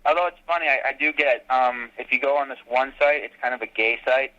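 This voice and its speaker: A man being interviewed about his fan films, telling animated stories and acting out quotes. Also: mid-range voice, brisk, highs cut off. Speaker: fan filmmaker guest. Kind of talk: casual podcast interview.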